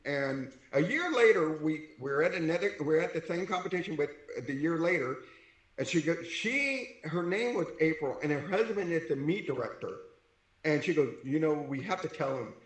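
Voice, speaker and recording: A man with deaf speech tells his story with animated energy, lifting his voice a little higher than most men. He acts out the lines of each person in it. The room around him is echoey. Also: moderate pace. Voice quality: deaf speech, wears hearing aids. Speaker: interview guest, strongman. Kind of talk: storytelling in a casual interview.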